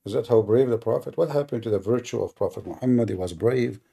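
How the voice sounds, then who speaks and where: A man's voice: mid-range voice, fast talker, vocal fry, warm tone, husky. A man hosting a live-streamed debate, talking in a mocking, provocative way and challenging his listeners. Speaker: debate livestream host. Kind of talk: combative live-stream monologue.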